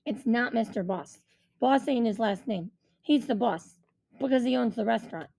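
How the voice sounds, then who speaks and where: A woman's voice: a little high, normal speed, vocal fry, warm tone, dry recording. A woman voicing a brash male gangster who uses tough-guy street slang in a storybook reading. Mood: pushy. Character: brash wisecracking male gangster in loud shirt.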